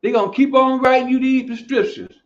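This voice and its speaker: A man with a strikingly high voice gives a preachy, repetitive motivational talk as a fitness coach. The recording is muffled and lo-fi, in an echoey room. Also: flat delivery, fairly quick. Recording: echoey room, dull lo-fi sound.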